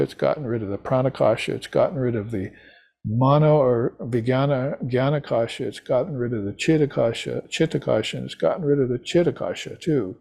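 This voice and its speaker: Husky-voiced man teaching a spiritual class. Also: medium pitch. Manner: meandering, reflective, with soft laughs and restarts. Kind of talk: devotional class lecture. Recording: class recorded for live stream.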